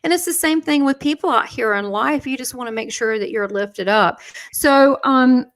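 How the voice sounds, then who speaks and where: A woman hosting a live online chat as a spiritual medium. She tells animated stories full of quoted dialogue and frequent restarts. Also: sits high, normal speed.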